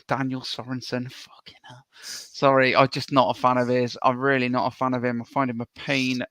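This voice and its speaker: A man co-hosting a sports podcast in casual chat, rambling with many ums and restarts, blunt and quick to swear. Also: mid-range voice, vocal fry, fairly bright tone, no echo. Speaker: co-host.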